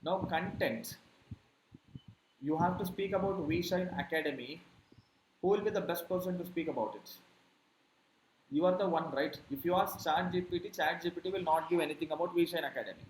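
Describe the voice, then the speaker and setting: A man gives a classroom lecture on digital marketing, often stopping to ask "correct?" before moving on. His voice sits somewhat high for a man. The room is echoey, with a faint noise underneath. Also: brisk, long pauses. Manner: explains with rhetorical questions, many "correct?" and "see".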